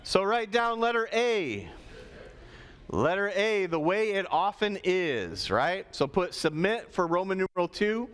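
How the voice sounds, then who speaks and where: Lively preaching man, slightly high voice. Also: a little slow, clean tone. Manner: lively teacherly, repeats key points, acts out students. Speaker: pastor and teacher. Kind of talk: sermon to schoolchildren. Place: school chapel.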